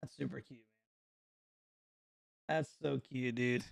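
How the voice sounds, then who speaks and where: A middle-aged man from North Carolina hosting a casual live reaction stream, joking and mocking his chat with excitable banter. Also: mid-range voice, slow pace, vocal fry, dry recording, clean studio sound.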